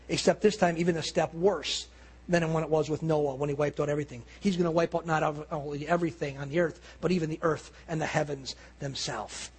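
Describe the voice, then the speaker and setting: A man preaching earnestly, slowing down and dropping low and quiet at solemn points. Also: breathy edge. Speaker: pastor. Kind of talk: sermon.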